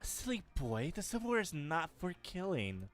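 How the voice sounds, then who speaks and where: A man voicing a pompous, callous young princess in a video game, speaking in a prim, condescending, drawn-out way. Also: on the high side, huge pitch swings, soft background music, pitched above the performer's own voice. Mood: haughty.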